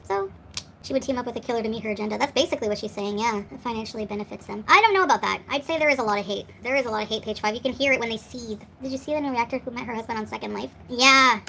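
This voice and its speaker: Fast-talking defiant woman ranting. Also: a little high, pushed and bright, a little hiss or hum, low-quality recording. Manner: defiant, sarcastic, mocking. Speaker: streamer answering live chat. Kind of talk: ranting livestream chat.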